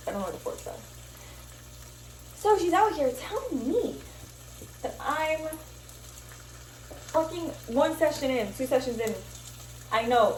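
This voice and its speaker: A woman's voice: on the high side, a little mellow, slight background noise. A young woman from Miami chatting casually while she cooks, rambling, swearing freely and laughing often as she cuts herself off. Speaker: vlogger. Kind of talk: casual chat while cooking. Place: kitchen, cooking bacon. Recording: echoey kitchen, sizzling pan, distant camera.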